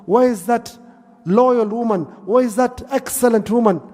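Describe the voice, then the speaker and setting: A man's voice: very high voice, normal speed, a little mellow, in a large hall. A man voicing a man at a hospital ward, speaking urgently and emphatically.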